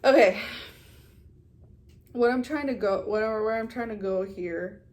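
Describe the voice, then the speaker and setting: This vlogger, a woman in her twenties, has a mid-range, darkish voice at a normal pace. She talks casually and openly to her audience, addressing them as "you guys" and dropping the occasional swear word in a personal vlog.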